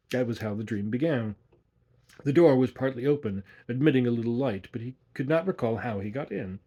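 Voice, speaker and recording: Male storyteller, husky mid-pitched voice, measured audiobook narration of a ghost tale. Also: mellow. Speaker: audiobook reader.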